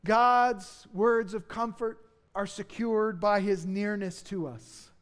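A male pastor preaches in an earnest, emphatic manner, his high voice rising dramatically on key phrases. His tone stays steady and clean, and he speaks slowly.

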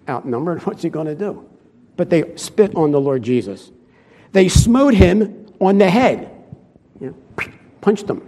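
A man's voice: high-pitched, dark tone, in a large hall. A male preacher giving a conversational sermon, asking his listeners questions as he goes.

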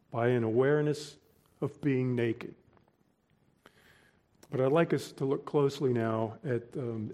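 A man preaching a sermon, deliberate and emphatic, pausing between short phrases. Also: mid-range voice, a little mellow. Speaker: pastor.

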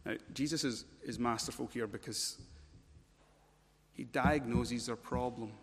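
A man preaching a sermon, emphatic, swinging between loud urgency and low intensity and repeating words as he builds a point. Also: fairly even intonation, measured pace, husky. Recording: long church-hall reverb.

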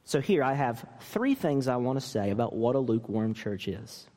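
A man's voice: medium pitch, expressive, normal speed, warm tone, long reverb tail. A man, a pastor, preaching a sermon and telling stories with self-deprecating humor.

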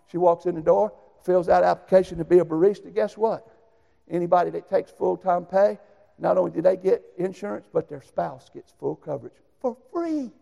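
A middle-aged man, a pastor telling his own story in a sermon, folksy and given to shouted bursts. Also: sits high, vocal fry, big-room sound. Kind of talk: sermon testimony.

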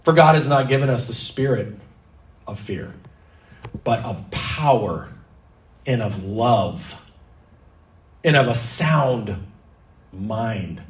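A man preaching a sermon in a church hall, lively and theatrical, sometimes slipping into mock-panicked voices. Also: mid-range voice, slow, long pauses, distant mic. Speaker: pastor.

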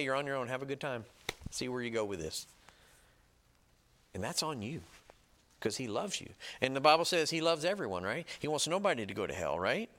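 A man preaching a sermon, emphatic and often checking in with "right?" and "okay?", reading scripture slowly and loudly. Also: mid-range voice. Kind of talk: sermon teaching.

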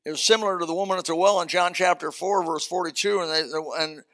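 An older pastor preaches in a church auditorium, folksy and emphatic, with joking asides. His voice sits high and has a bright edge. It carries a gravelly rasp. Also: steady tone, quick pace. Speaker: senior pastor. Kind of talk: sermon.

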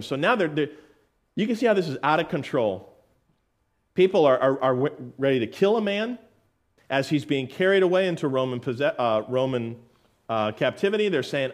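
A man preaching a verse-by-verse sermon as pastor, animated, acting out scenes and quotes and often restarting his words. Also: on the high side, normal speed.

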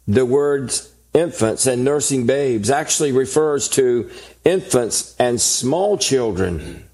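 Slow, deliberate male preacher. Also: mid-range voice, animated, a little mellow. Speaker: pastor. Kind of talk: sermon.

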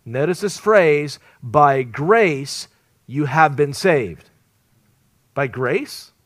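Man preaching a sermon, slightly high voice, lively storytelling, dry close sound. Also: extremely slow, no room sound. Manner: animated storytelling with laughs and joking asides. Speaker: traveling evangelist preacher.

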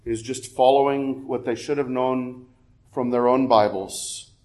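A man preaching a sermon as pastor, conversational with fillers and self-corrections, then building to loud emphatic peaks before dropping low again. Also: steady tone, measured pace.

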